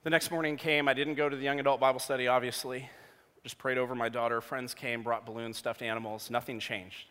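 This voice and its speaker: A man in his thirties preaching a sermon, telling a personal story with jokey asides, going from hushed to loud. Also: mid-range voice, flat delivery, brisk, clean tone. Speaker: pastor. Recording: long hall reverb.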